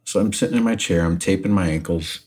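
A man co-hosting a podcast, telling a backstage anecdote in a casual, animated way and laughing often. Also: low voice, fast. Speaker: podcast co-host, retired wrestler. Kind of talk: casual storytelling.

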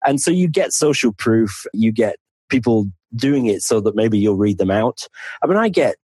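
A man's voice: lowish voice, lively intonation, normal speed, warm tone, slightly rough, no room sound. A man with a Northern English accent, a podcast guest chatting casually and laughing at himself. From North of England. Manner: chatty, self-deprecating, laughs easily. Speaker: podcast guest, financial planner. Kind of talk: casual interview chat.

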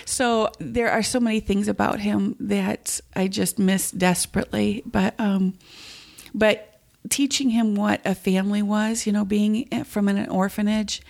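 A middle-aged woman, a guest on an interview, telling stories in a tender, reflective way with many pauses. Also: medium pitch, steady tone, gravelly, darkish tone. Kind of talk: interview conversation.

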